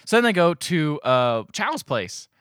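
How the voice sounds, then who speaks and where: A man co-hosting a podcast, retelling a movie plot in casual chat, slipping into quick character voices, laughing and swearing. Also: fairly high pitch, sing-song, fairly bright tone, smooth, no room sound, studio quality. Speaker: podcast co-host.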